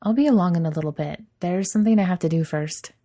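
A woman voicing a playful, dramatic young male wizard, teasing and animated. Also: on the low side, quick pace, close to an everyday voice. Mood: urgent.

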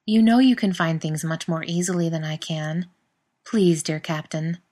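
A woman's voice: lowish voice, fairly even intonation, a little fast, close to an everyday voice. A woman voicing a weary middle-aged male regent who talks in a sleepy, mildly irritated, coaxing way.

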